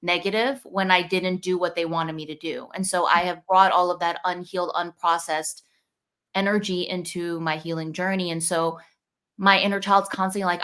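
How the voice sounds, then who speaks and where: Earnest thirties woman, slightly low voice, reflective podcast talk. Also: little pitch movement, moderate pace, fairly bright tone. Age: 30s. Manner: earnest, reflective, talks through inner dialogue. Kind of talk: casual podcast chat.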